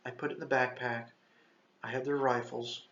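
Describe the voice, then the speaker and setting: A mid-pitched man, a retired park ranger, telling a tense story in a halting, intense way, with bursts of shouted orders. The room echoes, and the sound is a little dull and muffled. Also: flat delivery. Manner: intense, shouts quoted commands; halting, restarts often. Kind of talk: first-person storytelling.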